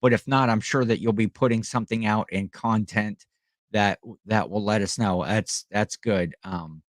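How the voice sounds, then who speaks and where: A man's voice: on the low side, fairly even intonation, moderate pace, no echo, studio quality. A man hosting a casual live stream, rambling as he reads the chat aloud, with frequent fillers and restarts. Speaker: livestream host selling items.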